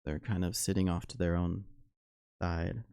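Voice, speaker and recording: A man narrating a solo tabletop game as game master, unhurried and full of fillers. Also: sits low, fairly even intonation, a little mellow, smooth, dry recording.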